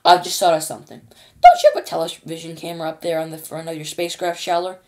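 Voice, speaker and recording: A woman voicing a pompous male President who barks orders and insults the astronauts in a rasping voice, reading a children's storybook. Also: little pitch movement, fast talker, darkish tone. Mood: bossy. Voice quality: deep and rasping. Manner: bossy, insulting, barking orders. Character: pompous shouting male President of the United States.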